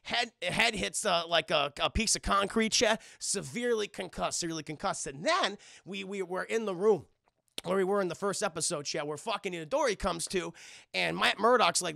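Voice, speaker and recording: Gravelly, high-voiced streamer ranting to chat. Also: male voice, a little fast, pushed and bright, no room sound, clean studio sound. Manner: profane, rambling, addresses chat. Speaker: streamer reviewing anime. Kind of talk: casual recap to live chat.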